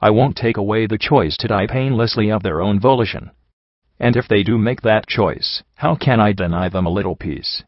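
A man voicing a calm, sorrowful male pony priest in an audiobook reading, speaking in a measured, gently reasoning way. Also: fairly low pitch, no room sound, lightly acted. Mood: gentle. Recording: dull lo-fi dry recording.

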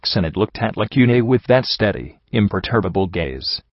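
A man narrating a fan fiction audiobook in a steady, even storytelling manner. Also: fairly low pitch, normal speed, dry recording. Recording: dull dry recording.

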